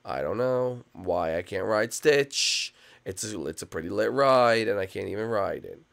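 Gravelly young man rambling over gameplay. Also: on the low side, animated, normal speed, a bit bright. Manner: rambling, lots of "like" and "folks". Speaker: gaming YouTuber. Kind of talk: casual game commentary.

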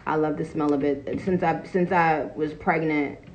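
A woman's voice: deep voice, steady tone, normal speed, slight background noise, rough recording. A woman chatting casually on a phone livestream from home, blunt and profane, laughing often and breaking off to greet viewers. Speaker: live streamer greeting viewers.

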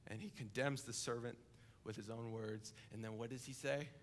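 Man preaching with lively storytelling. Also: medium pitch, moderate pace, slight background noise. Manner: vivid storytelling, acting out the characters; swings between hushed and emphatic. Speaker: college and young adult coordinator preaching. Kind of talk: sermon. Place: church service, live-streamed.

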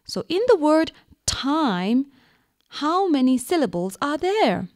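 A woman teacher from Bhutan giving a radio lesson to young children, slow and patient, asking questions and answering them herself. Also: high voice, very animated, a little mellow, no echo, studio quality. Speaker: primary school teacher.

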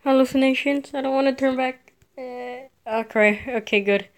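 A woman's voice: sits high, fairly even intonation, moderate pace, clear, resonant tone. A frightened woman commenting on a horror game as she plays, jittery and laughing nervously. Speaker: gamer.

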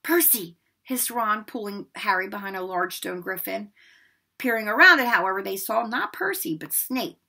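A woman's voice: moderate pace, vocal fry. A woman reading a children's novel aloud, acting out the dialogue and dropping her voice for the suspenseful parts. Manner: expressive, lifts her voice high for the boys' lines and drops low for suspense. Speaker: read-aloud narrator. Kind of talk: storybook read-aloud narration.

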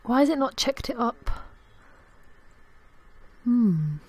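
A woman's voice: fairly high pitch, big pitch swings, takes it slowly, a little mellow. A young woman casually commenting on her life-simulation game, giggling and talking to her characters. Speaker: gaming YouTuber. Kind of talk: casual Let's Play commentary. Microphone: desktop USB mic. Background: faint game music.

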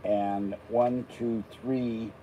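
A man's voice: on the low side, little pitch movement, extremely slow, warm tone, slight background noise, rough recording. An older man from Pittsburgh, chatting casually and rambling between topics as he unboxes an item. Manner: chatty, digressive, self-deprecating asides. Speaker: unboxing vlogger.

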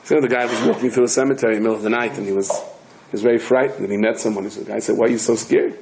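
A man's voice: lowish voice, rapid-fire, creaky, a little hiss or hum, low-quality recording. An older man giving a lecture as a rabbi, telling stories with humor and many restarts. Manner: animated, joking storyteller with many restarts. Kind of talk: storytelling Torah lecture.

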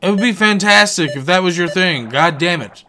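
A man giving lively let's play commentary on a fishing game, swearing and coaxing and scolding the fish as he plays. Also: sits high, normal speed, slight background noise. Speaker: gaming channel host.

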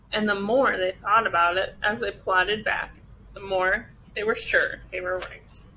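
A woman teacher reading a children's picture book aloud with expressive storytelling. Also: mid-range voice, normal speed, slight background noise, rough recording.

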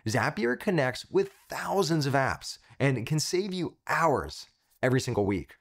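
An enthusiastic male host walks viewers through software in a scripted review. His voice is of middle pitch and swings widely in lively, animated phrasing, with quick punchy asides. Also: vocal fry. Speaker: tech tutorial host. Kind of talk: upbeat scripted product review.

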